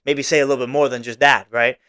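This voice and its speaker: A man's voice: medium pitch, level tone, quick pace, pushed and bright, clean tone. A young man hosting a solo podcast, talking casually and rambling, with many "like"s and "right?"s. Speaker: podcast host.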